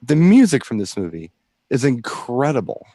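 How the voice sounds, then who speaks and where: A man's voice: medium pitch, very animated, moderate pace, warm tone, no room sound. A man co-hosting a DJ show in casual chat, explaining things at length with enthusiasm. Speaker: DJ co-host.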